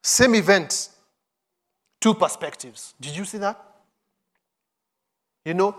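A man's voice: high-pitched, slow pace, long pauses, a bit bright. A man preaching a sermon, reading scripture and acting out the quoted voices with urgency.

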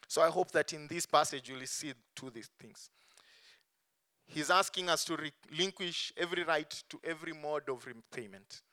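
Bright, crisp-voiced preacher. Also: male voice, on the high side. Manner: emphatic, swings between strong stresses and soft dropped endings. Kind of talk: sermon.

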